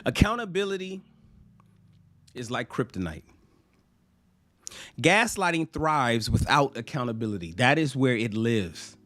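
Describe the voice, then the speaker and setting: Talking straight to camera, a social commentator delivers a blunt, emphatic opinion monologue, swearing freely and acting out the people he quotes in mocking voices. His voice is medium in pitch and fairly bright, animated but a little slow, with frequent pauses.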